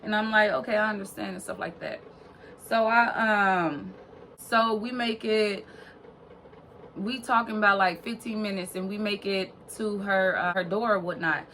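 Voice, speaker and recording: A woman's voice: medium pitch, fairly even intonation, moderate pace, a bit bright, slight background noise. A young woman vlogger telling a long personal story in a casual, rambling way, full of fillers and swearing.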